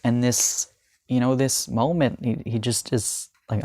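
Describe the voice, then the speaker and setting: A young man talking through his thoughts on a manga in a casual review, earnest and halting, with many ums and restarts, slowing and softening at the emotional parts. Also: medium pitch, fairly even intonation, no room sound. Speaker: manga discussion vlogger.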